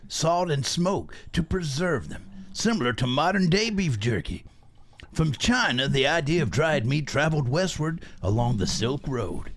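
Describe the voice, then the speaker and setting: A man's voice: on the high side, vocal fry, full character voice. A man doing a folksy cowboy voice to read out a comic mock history, drawling and laughing through his lines. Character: folksy male cowboy storyteller.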